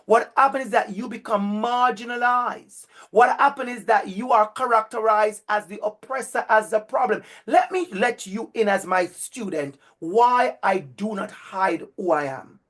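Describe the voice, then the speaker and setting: Man with a Jamaican accent, lecturer, emphatic and repetitive, voice sits fairly high. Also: unhurried, few pauses, fairly bright tone. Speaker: university lecturer. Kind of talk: lecture to a teacher cohort.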